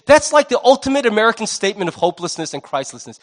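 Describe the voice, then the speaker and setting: A man in his forties preaching a sermon as pastor, animated, acting out the voices of the people he quotes. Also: high voice, racing, hardly any pauses.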